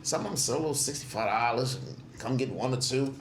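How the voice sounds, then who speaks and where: An animated man in his 20s, a clothing brand owner guesting on a podcast, tells casual stories full of profanity and acts out his own past remarks. He talks fast in a mid-range voice, with a little hiss or hum and a roomy echo in the recording.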